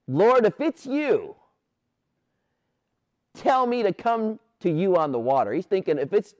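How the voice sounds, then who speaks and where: A male pastor preaching a sermon, animated and playful, sometimes dropping to a soft, low voice on key points. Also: no echo, studio quality.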